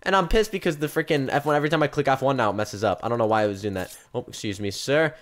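A young man giving live commentary on his game stream, chatting straight to his viewers and breaking into loud yelps and shouts. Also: mid-range voice, very fast. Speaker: gaming streamer.

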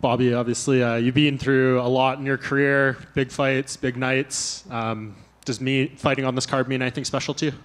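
A male reporter asking interview questions in an even, measured way. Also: medium pitch.

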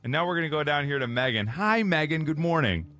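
A man hosting a morning radio show, chatting with callers in an animated, jokey way with exaggerated reactions. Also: fairly high pitch, fast talker, faint music behind. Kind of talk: casual morning radio chat.

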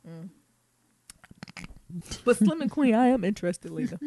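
A woman co-hosting a podcast, chatting casually in an animated, swearing, playful and teasing way. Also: medium pitch, a little slow, a little hiss or hum. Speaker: podcast co-host. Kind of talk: casual chat.

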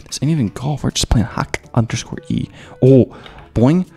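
Full of jokes and mock-Spanish phrases, this gaming YouTuber's gameplay commentary is excitable. His voice is mid-range, gravelly and slightly rough, at a moderate pace.

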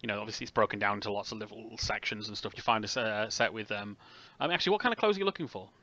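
Hesitant male game master, bright tone. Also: lowish voice, racing, muffled recording. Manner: hesitant, many ums and restarts. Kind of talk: narrating a tabletop game.

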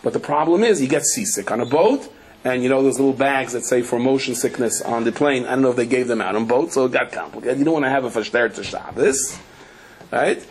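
A man, a rabbi, teaching a Torah lecture as a lively storyteller who keeps asking rhetorical questions and tossing in wry asides. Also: mid-range voice, fairly quick, a little hiss or hum, rough recording. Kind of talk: Torah lecture to a live audience.

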